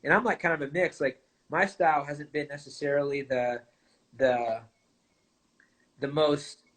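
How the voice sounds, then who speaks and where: Man, guest, casual chat, slightly high voice, rambling, relaxed. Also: a little slow. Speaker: guest, fighter. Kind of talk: casual conversation.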